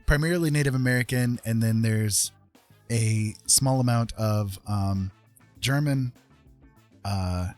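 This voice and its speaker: A man's voice: medium pitch, slow, a little mellow, soft background music. A man hosting a live stream, chatting casually and explaining things at length with many fillers. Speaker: streamer host. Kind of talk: casual chat.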